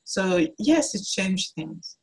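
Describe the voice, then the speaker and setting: A woman's voice: medium pitch, animated, takes it slowly, breathy edge, poor audio. A woman artist speaking as a guest on a video-call interview, thoughtful and searching for her words. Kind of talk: reflective interview talk.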